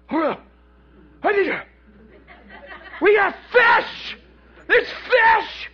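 A man voicing Peter, a stubborn, sarcastic adult fisherman, mocking and often shouting, on a dull lo-fi recording. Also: extremely high pitch, big pitch swings, normal speed, pitched above the performer's own voice, full character voice. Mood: excited shouting.

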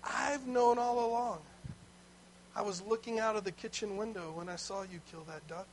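A man voicing a calm, knowing old grandmother who speaks softly and slowly. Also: high voice, slight background noise, lightly acted, poor audio. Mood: gentle. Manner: soft, gentle, slow.

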